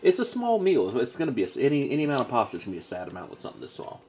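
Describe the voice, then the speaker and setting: A man's voice: medium pitch, wildly swooping pitch, rapid-fire, warm tone. A young man casually chatting and joking with his wife as they taste-test meals. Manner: joking, playful. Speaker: husband co-host. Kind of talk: casual food review chat.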